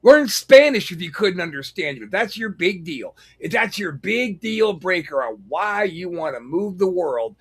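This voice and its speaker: A man with a somewhat high voice, chatting casually on a podcast. He tells his stories with animated energy and swears freely. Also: unhurried, few pauses, husky. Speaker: podcast co-host.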